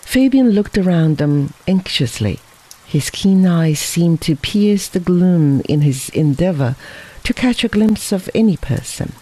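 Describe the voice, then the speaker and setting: A reader narrating a story in a measured storybook manner. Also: medium pitch, warm tone, husky, rough recording. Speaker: audiobook reader. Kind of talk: scripted narration.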